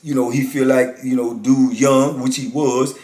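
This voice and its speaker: A man's voice: medium pitch, little pitch movement, normal speed, a little mellow, roomy sound. A man in his fifties casually telling a story in a laid-back, slangy way, peppered with "you know.".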